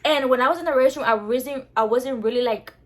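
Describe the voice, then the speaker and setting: A young woman telling a story to her viewers in a casual, animated, slangy way, full of swearing. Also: high-pitched, brisk. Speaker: vlogger.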